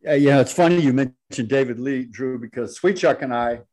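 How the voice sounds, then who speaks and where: A man's voice: medium pitch, normal speed, darkish tone. Middle aged podcast host guy, rambly, lots of ums, mid voice. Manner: rambling, hesitant questions with many fillers. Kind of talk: casual podcast interview.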